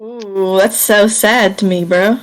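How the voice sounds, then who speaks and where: A woman's voice: mid-range voice, fairly even intonation, takes it slowly, rough recording. A young woman player in a tabletop game, chatting casually, giggly and thinking aloud. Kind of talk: casual chat.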